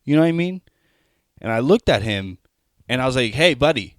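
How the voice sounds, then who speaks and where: A man's voice: medium pitch, sing-song, brisk, clear, resonant tone, no room sound, studio quality. A young adult man doing a stand-up comedy set, talking conversationally with rambling asides and frequent restarts.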